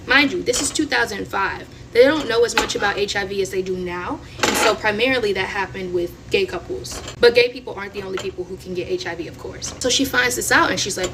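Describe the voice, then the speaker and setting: A young woman from Florida telling a dramatic family story in a chatty, animated way, with dramatic asides. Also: mid-range voice, fast talker, few pauses. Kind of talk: casual storytelling. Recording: distant mic with audible noise.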